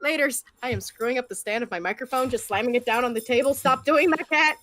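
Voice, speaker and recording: A woman's voice: fairly high pitch, fast, a bit bright, no echo. A woman co-hosting a livestream in casual chat, joking and often laughing. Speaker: co-host.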